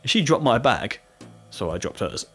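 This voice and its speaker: A young British man with a husky voice, casually telling a school story with lots of "like" fillers and laughter. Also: mid-range voice, very animated, moderate pace, fairly bright tone, soft background music. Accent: British English. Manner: rambling storytelling with frequent "like" fillers, laughing often. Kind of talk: casual chat.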